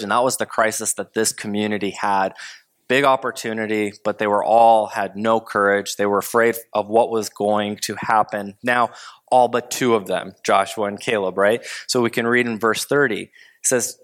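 Guy preaching a casual sermon, chatty, acts out the quotes, voice jumps up and down. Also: fairly bright tone. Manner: conversational, acts out quotes with pitch swings. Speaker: pastor.

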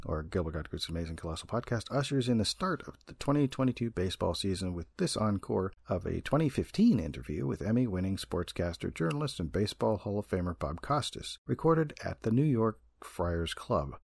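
Deep, gravelly podcast host. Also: male voice, a little mellow, no echo, clean studio sound. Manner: plain reading, with small fillers. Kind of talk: reading an episode description.

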